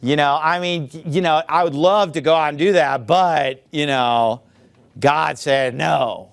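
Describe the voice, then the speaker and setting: A man's voice: a little high, measured pace, gravelly, clear, resonant tone, some chatter behind. A man preaching a sermon, speaking emphatically, drawing out key words and addressing the listeners directly as folks. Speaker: pastor.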